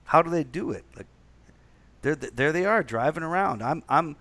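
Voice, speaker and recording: A man's voice: fairly high pitch, expressive, moderate pace, a bit bright, no echo. A man from Canada in casual chat, rambling and swearing with many restarts.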